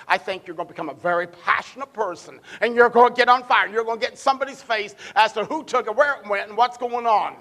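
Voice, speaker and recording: A male pastor delivers a sermon in a church sanctuary. His voice sits high for a man, and he leans hard on key words before dropping to a near-hush. He often repeats a word as he builds toward his point. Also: big-room sound. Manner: emphatic, swings between loud and hushed.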